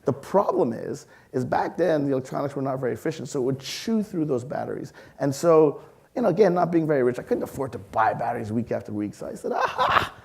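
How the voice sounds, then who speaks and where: Male speaker, 40s, warm low-toned lecturer, animated storyteller addressing a hall audience. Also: quick pace, creaky, slightly rough. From Canada. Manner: lively storyteller, acts out voices, engages audience with questions. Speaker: science museum leader giving a public talk. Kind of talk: public lecture with personal stories.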